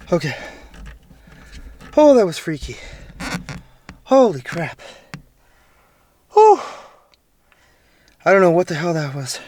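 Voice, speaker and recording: A man's voice: on the high side, no echo. A man filming himself as he hurries out of a forest at night, talking nervously to his viewers, sighing and swearing under his breath. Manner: jittery, swearing, often sighing and muttering. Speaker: paranormal vlogger. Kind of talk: nervous first-person vlog narration. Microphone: handheld camera mic while walking. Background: faint night forest noise and rattling.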